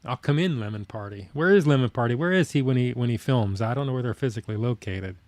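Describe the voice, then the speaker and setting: A man's voice: medium pitch, fast talker, no room sound. A man hosting a live stream, chatting casually in a plainspoken, folksy way while he reads viewer comments. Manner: plainspoken, folksy, rambling with fillers.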